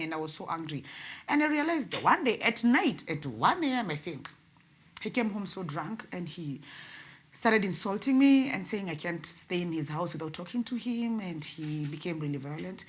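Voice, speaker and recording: A young woman telling her painful personal story in an interview, her voice swinging between loud outbursts and hushed words. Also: fairly low pitch, animated, moderate pace. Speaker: guest, radio host.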